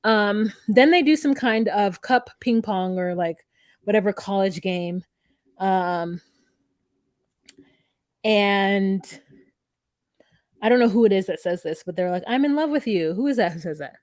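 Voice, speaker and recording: A woman's voice: medium pitch, unhurried, pauses often, no echo. Chatty woman recapping a show. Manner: chatty, animated retelling with quoted voices. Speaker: podcast co-host recapping a reality show. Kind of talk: casual chat.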